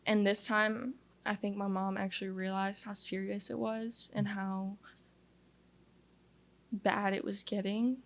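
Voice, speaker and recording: Young woman with a gravelly, flat voice. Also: medium pitch, unhurried. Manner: earnest, confessional storytelling with frequent "like" fillers. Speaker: guest sharing testimony. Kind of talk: candid personal testimony in a conversational interview.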